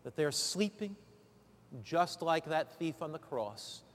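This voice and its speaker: A man's voice: a little high, animated, slow pace. Emphatic man preaching in a hall. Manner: emphatic, calls for answers from the room. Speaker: preacher training lay preachers. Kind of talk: sermon workshop teaching.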